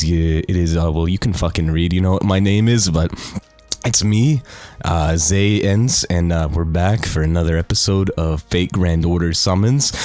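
A young man doing casual, crude commentary on game summons, swearing freely and joking around, sometimes jumping into loud high mock voices. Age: young adult. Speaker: gaming youtuber.

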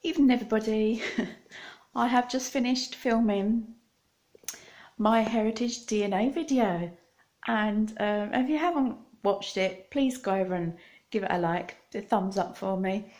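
Scottish woman, middle-aged, giggly vlogger who rambles in casual chat, mid pitch. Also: measured pace, a little mellow. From Scotland.

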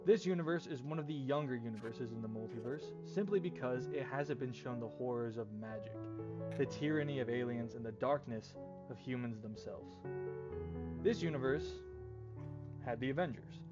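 Dude doing a dramatic all-seeing narrator, grave, muffled audio, music loud. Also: male voice, medium pitch, moderate pace, lightly acted. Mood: solemn. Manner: dramatic, solemn storytelling.

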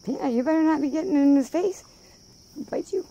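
A wildlife rehabilitator with a high-pitched, mellow voice talks fairly quickly to her animals in sing-song baby talk, laughing a lot while filming them on her phone. The audio is dull, with a little hiss or hum.

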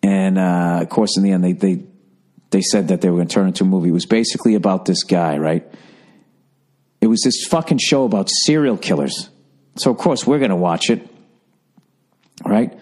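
Low-pitched and a little mellow, the podcast host talks fairly quickly yet leaves long pauses. He tells a drawn-out comic story loosely, swearing, wandering off topic and correcting himself as he goes.

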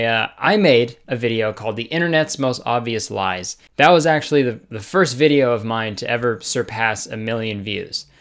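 A man in his twenties doing a sarcastic comedic commentary vlog, often jumping into silly voices, recorded close to the mic. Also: medium pitch. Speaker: YouTube comedian.

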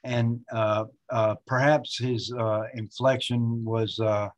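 A man's voice: medium pitch, little pitch movement, takes it slowly, few pauses, rough recording. A man in an online class offering a hesitant, apologetic comment full of fillers. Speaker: student.

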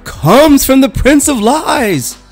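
A man's voice: extremely high pitch, sing-song, slow pace, soft background music, voice pushed up, full character voice. A man voicing a stern, earnest male holy man in a comic read-aloud.

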